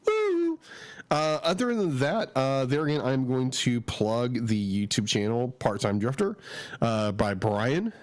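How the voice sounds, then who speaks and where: A man's voice: medium pitch, animated, unhurried, no room sound. A man with a head cold chats on his podcast, rambling eagerly and restarting his sentences. His voice sits close to the mic in a dry, dead room. He is a regular co-host of the show. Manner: enthusiastic, rambling, with frequent restarts. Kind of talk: casual chat.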